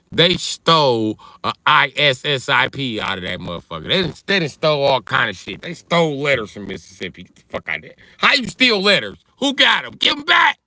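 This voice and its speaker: A man's voice: mid-range voice, pushed and bright, no echo. A man hosting a livestream, riffing through a loose, profane comedic rant and answering chat. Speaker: livestream host.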